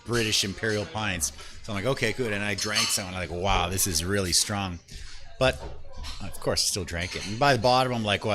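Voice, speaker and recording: Man, host, low voice, tipsy, casual storytelling, acts out quotes, faint music. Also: fairly bright tone. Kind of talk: casual chat over beers.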